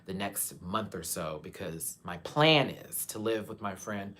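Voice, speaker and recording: A young man from Texas, hosting a live chat and talking frankly to his viewers, his voice swinging between soft and loud. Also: deep voice, lively intonation, measured pace. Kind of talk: candid live-stream talk to viewers.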